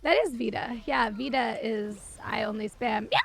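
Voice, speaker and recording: A woman streamer casually retelling stories while gaming, sarcastic and profane, animated. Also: fairly high pitch, moderate pace, gravelly.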